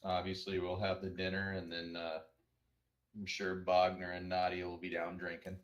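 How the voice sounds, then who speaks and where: A man's voice: sits low, moderate pace, dull audio. A man talking casually as a player in a tabletop role-playing game, planning the party's moves. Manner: relaxed, plans out loud in first person plural.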